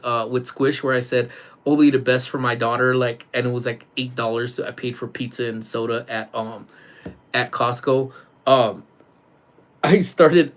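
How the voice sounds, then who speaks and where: A man hosting a casual morning livestream, talking loudly with lots of laughing and joking. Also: medium pitch. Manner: loud, laughing, joking banter. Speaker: livestream host.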